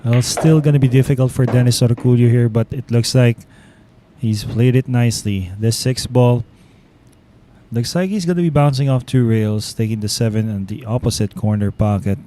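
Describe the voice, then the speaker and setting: A man with a Filipino accent calling a live billiards match, breaking into excited exclamations at great shots. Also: medium pitch, normal speed, slight background noise. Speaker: play-by-play commentator.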